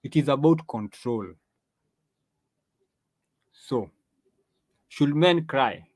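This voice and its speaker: A man's voice: mid-range voice, very slow, a little mellow, no echo. A man hosting an opinion monologue, lecturing emphatically, drawing out stressed phrases, with frequent restarts and rhetorical questions. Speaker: host.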